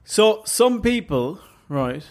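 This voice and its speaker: Higher-voiced man narrating a podcast. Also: big pitch swings. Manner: reads in measured tones, then hedges and stalls playfully when questioned. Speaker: podcast co-host presenting the story. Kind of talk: scripted narration mixed with casual banter.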